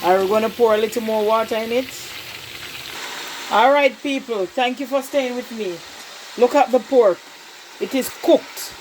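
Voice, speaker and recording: Her voice sits a little high and a little mellow, heard through a low-quality recording with a faint hiss or hum. She's a Jamaican woman running a casual home-kitchen cooking video, chatting with viewers she calls "people" and constantly saying "look at that" about the food.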